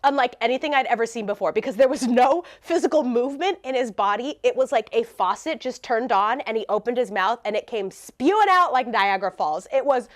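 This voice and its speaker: A woman telling a storytime vlog, animated and laughing as she talks. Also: fairly high pitch, a little fast, hardly any pauses. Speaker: vlogger.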